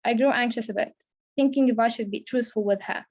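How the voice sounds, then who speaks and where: A woman's voice: fairly high pitch, fairly quick, darkish tone, highs cut off. A young woman, a creative writing student, reading her own first-person fiction aloud steadily, with small restarts. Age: young adult. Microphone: video call.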